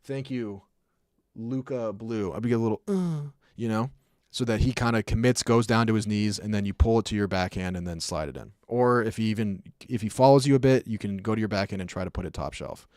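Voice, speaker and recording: A young man offers casual commentary on hockey clips during a stream, wandering from point to point with plenty of fillers and sound imitations. His voice sits on the low side, fairly quick and a little mellow, in a dry, clean studio recording.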